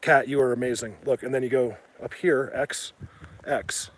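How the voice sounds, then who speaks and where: A man hosting a casual livestream from outdoors in the rain, talking excitedly to viewers through a handheld phone as he walks. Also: mid-range voice, moderate pace, breathy edge. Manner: rambling, excitable, addresses viewers. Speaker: livestream host. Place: outdoors in woods during rain.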